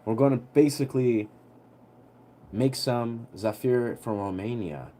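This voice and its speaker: A young man telling a story on a livestream in a relaxed, rambling way, full of fillers. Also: mid-range voice, a little slow. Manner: rambling, heavy on fillers, laid-back.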